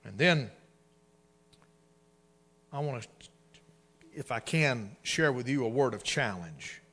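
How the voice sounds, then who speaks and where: Forceful preaching man. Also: mid-range voice. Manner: preaching, swinging from hushed asides to loud emphatic bursts. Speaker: pastor. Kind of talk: sermon.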